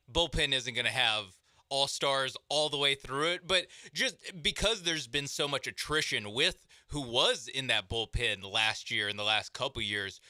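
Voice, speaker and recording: Man, sports radio talker, measured, explanatory, bright tone, dry close mic. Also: medium pitch, clear, resonant tone, no echo. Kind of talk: casual sports radio banter.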